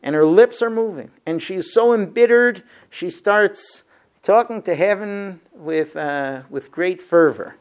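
A male teacher leads a Bible class, retelling the story with animated, lively storytelling. He often stops for rhetorical questions. His voice sits fairly high for a man. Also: a little slow, smooth, highs cut off.

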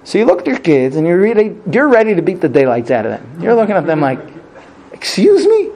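A man's voice: on the high side, big pitch swings, fast talker, darkish tone. A man giving a Bible lesson, telling the story animatedly and acting out quotes. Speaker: Torah teacher.

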